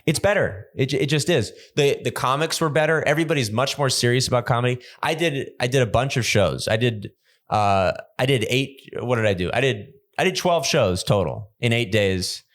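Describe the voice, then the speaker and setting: Young male comedian host, mid pitch, loose rambling podcast storyteller. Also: moderate pace. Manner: rambling, animated storytelling with frequent restarts. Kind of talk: casual comedic chat.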